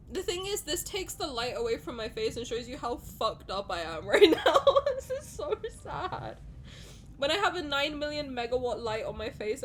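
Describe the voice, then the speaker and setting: A young woman on a live stream, high-voiced and swinging widely in pitch. She laughs and cries at once, swears freely, and talks in loose casual chat. A faint low rumble sits underneath. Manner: swears, laughs through tears, very expressive. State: crying.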